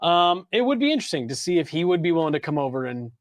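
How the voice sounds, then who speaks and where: A man co-hosting a sports podcast, chatting casually in a rambling, animated way with plenty of fillers and restarts. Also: fairly high pitch, fast talker, no echo. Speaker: podcast co-host. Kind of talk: casual hockey podcast chat.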